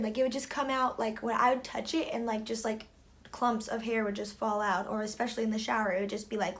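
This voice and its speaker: A young woman chatting casually through a hair tutorial, her voice a bit tired and hoarse, filling her talk with lots of "like". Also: fairly high pitch. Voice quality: chatty, many "like"s. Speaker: beauty vlogger.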